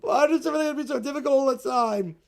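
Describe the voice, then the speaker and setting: Racing along in a very high-pitched, gravelly voice, a man voices a bratty little child. The kid whines and grumbles about everything, close to crying.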